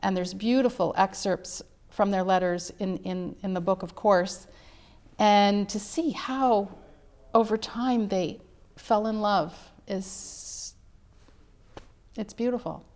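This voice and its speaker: A woman's voice: medium pitch, fairly even intonation, takes it slowly, darkish tone. A middle-aged woman, an author being interviewed, telling her family's story in an earnest, emphatic way. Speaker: author guest. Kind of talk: interview conversation.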